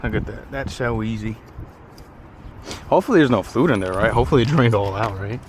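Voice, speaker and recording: A DIY car repair vlogger talks fairly quickly in a lowish voice as he fixes a car outside on a windy day. He chats and jokes casually, addressing both himself and his viewers, with background noise audible.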